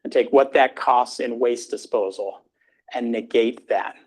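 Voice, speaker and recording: A man's voice: medium pitch, measured pace, a little mellow, rough recording. A middle-aged man giving a hospital grand rounds talk and taking questions, speaking informally with many fillers and restarts. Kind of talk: hospital lecture and Q&A. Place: hospital lecture room.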